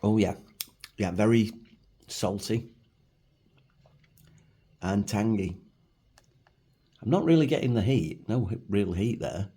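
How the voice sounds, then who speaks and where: Slow and often pausing, with a fairly low, mellow and slightly rough voice, a middle-aged Manchester man reviews food for his vlog. He sits at a table at home, chatting and rambling while making fun of himself.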